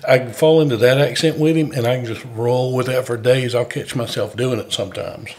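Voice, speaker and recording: Casting note: mid-pitched Georgia man, easygoing host chatter. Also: fairly even intonation, fairly quick, a little mellow. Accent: Georgia Southern US. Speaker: comedian, host. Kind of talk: casual chat.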